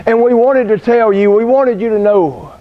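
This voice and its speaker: Man voicing an upset young messenger, halting delivery, lo-fi sound. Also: high-pitched, lightly acted.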